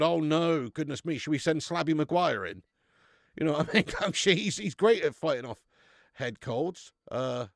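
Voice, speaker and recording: A man in his thirties chats casually on a live stream from home, his voice pitched a little high with a gravelly edge. He banters with viewers in a matey way and laughs often. The sound is close and dry, with no room around it. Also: no echo.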